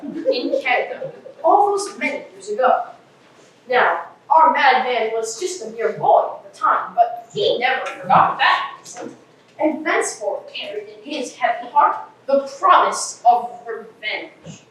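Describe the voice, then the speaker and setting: A woman's voice: high voice, very animated, measured pace, fairly bright tone, exaggerated voice. A woman on a school stage playing a pompous, bumbling male police inspector in a live play, declaiming in a grand, theatrical way. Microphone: distant room mic. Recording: echoey hall from far off, faint hiss.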